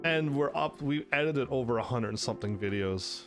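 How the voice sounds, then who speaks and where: A man's voice: mid-range voice, expressive, moderate pace, few pauses, soft background music. A man hosting his own channel, looking back over his old gaming videos in casual, rambling commentary, full of restarts and bursts of laughter. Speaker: channel host.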